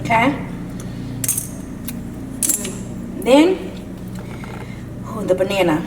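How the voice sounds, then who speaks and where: A woman chatting to camera while she cooks and eats in her home kitchen, savoring the food with long drawn-out hums. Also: mid-range voice, expressive, echoey room, far from the mic, background noise. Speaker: lifestyle vlogger. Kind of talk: casual chat to camera while cooking.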